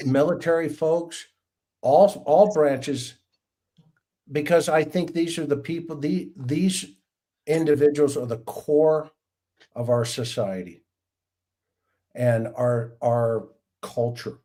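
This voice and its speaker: A middle-aged man hosts a livestream panel over a video call. His voice is warm and mellow, and he tells stories with emphatic enthusiasm. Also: on the high side, takes it slowly, pauses often. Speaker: host.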